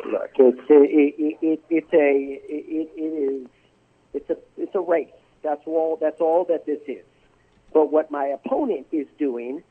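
A man, a congressman, guest on a radio interview, pressing political talking points and restarting his sentences. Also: a little high. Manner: combative political talking points, repeats words when starting. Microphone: telephone. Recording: tinny phone line.

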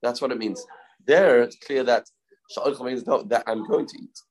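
A man teaching a daily Talmud page, walking through each case step by step. He repeats key phrases to drive a point home and reads in a way. His voice sits at an ordinary middle pitch. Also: moderate pace, darkish tone. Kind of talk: daf yomi lecture.

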